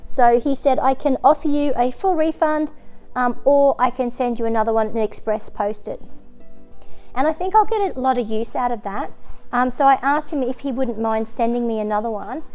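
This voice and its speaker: A woman talks casually to her viewers about crochet and knitting. Her voice is smooth and clear and sits a little high. She rambles, filling gaps with ums and correcting herself mid-sentence. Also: a little mellow. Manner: chatty and rambling, frequent ums and self-corrections. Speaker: crochet and knitting channel host. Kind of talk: casual chat to camera.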